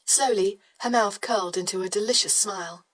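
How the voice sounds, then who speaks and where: A woman narrates a historical romance audiobook. Her reading is even and measured, with a mid-range voice. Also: mid-range voice. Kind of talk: scripted narration.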